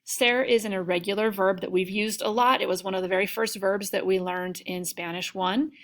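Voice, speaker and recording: A woman's voice: medium pitch, steady tone, a little fast, a bit bright. A woman teaching a recorded lesson, explaining step by step and checking in with "okay?". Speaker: Spanish teacher.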